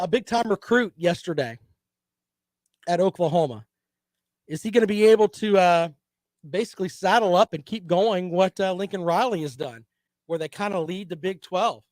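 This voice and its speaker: Man, opinionated sports host, fairly high voice, dry sound. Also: darkish tone, no room sound. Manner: conversational, opinionated, reads viewer comments. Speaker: sports talk show host. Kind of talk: casual live-stream sports talk.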